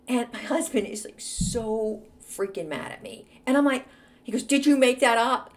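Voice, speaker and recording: A woman in her forties hosting a podcast, telling a story in a snarky, animated way. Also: a little high, normal speed. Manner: snarky, animated, acts out quoted voices. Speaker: podcast host. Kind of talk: casual storytelling monologue.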